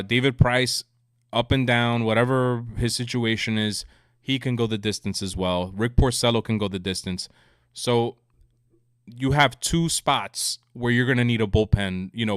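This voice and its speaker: A man's voice: mid-range voice, moderate pace, a bit bright, no room sound, clean studio sound. A man co-hosting a podcast in a casual sports chat, brash and teasing, often talking over his co-host.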